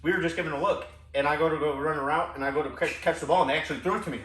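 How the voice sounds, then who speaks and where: A man's voice: on the high side, fairly even intonation, very fast, fairly bright tone, a little hiss or hum. Brief: young man, easygoing co-host, laughs a lot, distant and echoey. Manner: laughs often, swears casually. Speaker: podcast co-host. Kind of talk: casual storytelling chat. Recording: roomy sound from a distant mic.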